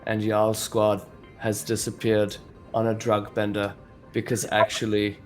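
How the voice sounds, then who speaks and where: A man speaking as a player with a dry, flat delivery. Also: fairly low pitch, a little slow, faint music behind. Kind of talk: casual chat.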